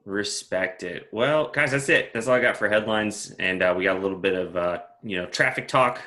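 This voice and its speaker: A man's voice: on the low side, brisk. A man from Missouri hosting a movie podcast, chatting loosely with many fillers. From Missouri, USA. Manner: relaxed, rambling, many fillers. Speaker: podcast host. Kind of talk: casual chat.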